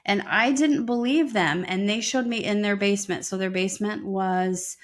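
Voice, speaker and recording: A woman podcast co-host telling a personal story in casual chat, lively and full of ums. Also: medium pitch, moderate pace. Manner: lively retelling with frequent ums.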